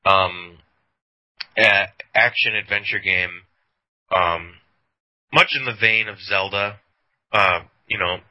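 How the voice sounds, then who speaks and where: Deep voiced guy rambling on a podcast, kinda forceful tone, laughs a lot. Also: steady tone, takes it slowly, long pauses. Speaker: podcast co-host. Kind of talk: casual chat. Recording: dull lo-fi audio.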